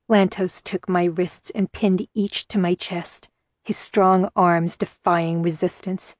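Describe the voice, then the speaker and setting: A woman's voice: on the low side, steady tone, slow pace, no echo. Woman narrating a tense audiobook. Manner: emotional, tense storytelling. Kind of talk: first-person audiobook narration.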